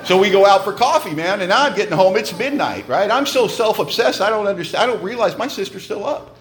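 A man's voice: high-pitched, lively intonation, a little fast, a bit bright. A man giving a humorous, emphatic personal testimony at a recovery meeting, in a conversational storytelling manner.

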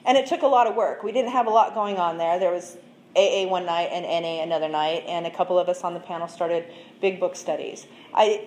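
A woman giving a candid, earnest personal testimony as a recovery speaker, talking plainly with fillers. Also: medium pitch. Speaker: recovery speaker sharing her story. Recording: echoey room with faint noise.

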